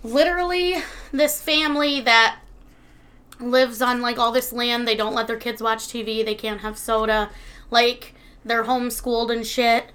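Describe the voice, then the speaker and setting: A woman's voice: on the high side, fairly even intonation, measured pace, a bit bright, clean tone. A young woman co-hosting a casual podcast chat, laughing often, swearing freely and mimicking people as she retells stories. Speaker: podcast co-host.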